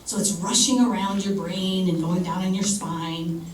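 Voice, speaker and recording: A woman performing a stand-up comedy set, telling a personal story in a blunt, conversational way with dark humor and the occasional swear word. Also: fairly low pitch, moderate pace. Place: comedy club stage. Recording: roomy club sound from far off with audience noise.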